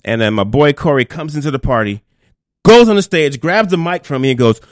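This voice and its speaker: Animated storytelling man, lively pitch. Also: brisk, no room sound, clean studio sound. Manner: animated storyteller, acts out quoted voices. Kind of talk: casual chat.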